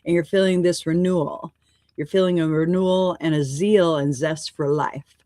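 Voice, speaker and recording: Gentle meandering woman giving a spiritual reading. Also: deep voice, fairly even intonation, normal speed, dry recording. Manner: meandering, repeats and restarts phrases while describing what she senses; gentle and affirming. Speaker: show host and oracle card reader.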